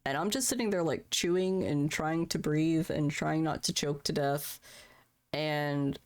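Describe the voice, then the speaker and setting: A woman's voice: low-pitched, normal speed. A woman live-streaming in casual chat, candid and profane, laughing at her own troubles.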